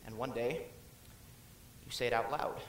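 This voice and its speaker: A man's voice: medium pitch, steady tone, slight background noise, lightly acted. A man playing a wistful, musing musical fan. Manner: chatty, musing, halting asides. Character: wistful middle-aged man, musical fan confiding in audience. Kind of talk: amateur stage musical acting. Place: theater stage. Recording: roomy stage recording.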